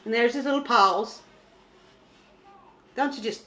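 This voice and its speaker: A woman's voice: on the high side, a little slow, pauses often, fairly bright tone. A woman chatting casually as she shows her craft kit, rambling and joking about herself. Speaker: crafting vlogger. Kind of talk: casual show-and-tell chat.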